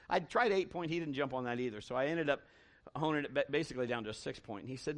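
A middle-aged pastor preaches a sermon with a fairly high pitch and quick pace. He tells a folksy story animatedly, restarting often and acting out the quotes.

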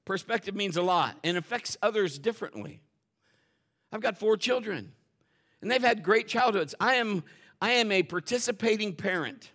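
Middle-aged guy preaching, bright voice, acts out his stories. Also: sits high, moderate pace. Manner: animated storytelling, acts out quotes and shouts for effect. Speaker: pastor. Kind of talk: sermon with personal stories.

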